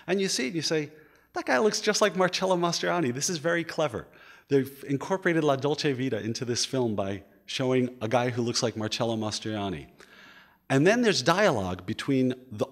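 A man giving a lecture at a museum, animated and enthusiastic, often repeating words and filling pauses as he thinks aloud. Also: mid-range voice.

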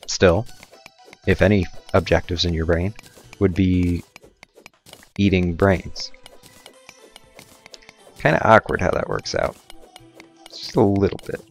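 A young man talks through his gameplay in a relaxed, rambling way. His voice sits deep and low, and he drifts into goofy, self-mocking asides. Faint music plays softly behind him. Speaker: let's play gamer. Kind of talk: casual gameplay commentary.

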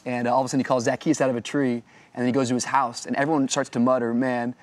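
Male co-host, rapid delivery, encouraging, preachy, studio talk show. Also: mid-range voice, flat delivery, dry recording. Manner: fast, encouraging, preachy asides with "man". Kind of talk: casual faith interview.

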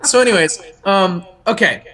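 A young man co-hosting a podcast, talking casually in a rambling, animated way that often breaks off and restarts. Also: high-pitched, moderate pace. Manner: rambling, self-interrupting, animated. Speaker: podcast co-host.

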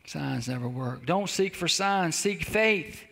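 A man's voice: on the high side, lively intonation, slow pace, gravelly, a bit bright. A man pastor preaching a sermon, exhorting and repeating calls to the congregation. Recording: long hall reverb.

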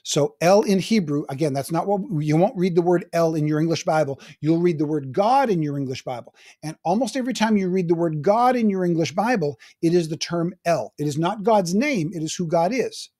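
An older man teaches the Bible like a pastor at ease with his class. His voice sits a little high, and he talks in a chatty, self-deprecating way, often restarting his sentences. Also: fairly quick, hardly any pauses, warm tone.

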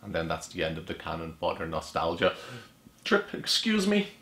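An Irish man chatting through a video game, excitable and jokey, with quick asides. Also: low-pitched, slight background noise. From Ireland. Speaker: retro gaming YouTuber. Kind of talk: gameplay commentary. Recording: roomy room with game music. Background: game music.

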